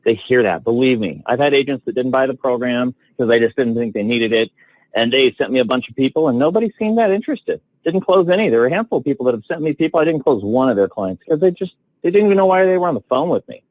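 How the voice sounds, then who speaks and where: A man coaching salespeople on a training call, telling stories with excitement and lively swings in his voice. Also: mid-range voice, fast, no echo, low-quality recording. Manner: enthusiastic, animated storytelling with big swings.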